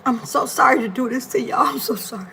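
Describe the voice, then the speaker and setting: A woman talks fast in a slightly high, gravelly voice with a sharp edge, teasing viewers playfully as she cooks on a casual livestream in her Miami home kitchen. She holds her phone and drawls in African American Vernacular speech. A bit of hiss or hum runs through the low-quality recording.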